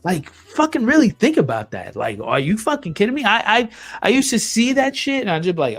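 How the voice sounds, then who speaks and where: Solo podcast host, male, blunt and emphatic, cursing freely, slightly raised pitch. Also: very animated, fairly quick, few pauses, fairly bright tone, husky, faint music behind. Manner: blunt and emphatic, swears often, repeats phrases.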